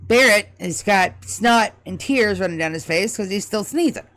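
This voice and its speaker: Lady running a tabletop game, chatty storyteller, middle pitch. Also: lively intonation, moderate pace, a bit bright. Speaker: game master.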